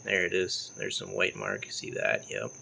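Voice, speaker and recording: A man's voice: deep voice, very animated, moderate pace, creaky, bright, forceful tone, a little hiss or hum. A man casually talking through car work in his garage, loose and profane. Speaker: car vlogger. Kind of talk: casual garage vlog talk. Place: home garage.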